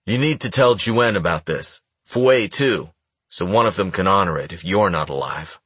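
Male reader voicing a grave young crime-clan boss, low and husky, audiobook. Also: lively intonation, moderate pace, a bit bright, no echo, exaggerated voice. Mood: grave, stern. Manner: firm, somber.

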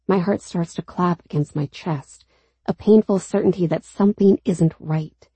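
A woman reading a first-person story aloud in a steady, low-key storytelling manner. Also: slightly rough, no room sound. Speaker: narrator. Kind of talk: first-person audiobook narration.

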